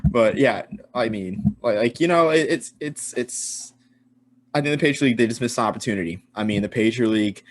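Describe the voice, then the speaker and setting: A man's voice: mid-range voice, fairly quick. A young man hosting a casual sports podcast, rambling with many fillers and restarts. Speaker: podcast host.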